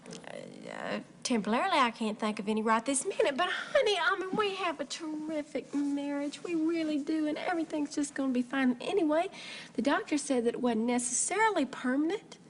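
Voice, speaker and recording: A bubbly, gushing young wife. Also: female voice, high-pitched, wildly swooping pitch, a little fast, slight background noise, heavily acted. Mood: chirpy. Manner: gushing, chirpy reassurance. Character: bubbly devoted young wife, endlessly upbeat.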